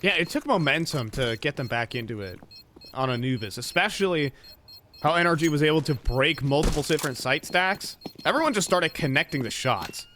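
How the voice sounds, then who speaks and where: A man calling a live esports match, his voice sitting a little high. He teases his co-caster between plays. Game clicks and gunfire stay clearly audible behind him. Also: expressive, a little fast, fairly bright tone, a little hiss or hum. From North America. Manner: playful, teasing banter. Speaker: esports commentator. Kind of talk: live play-by-play commentary.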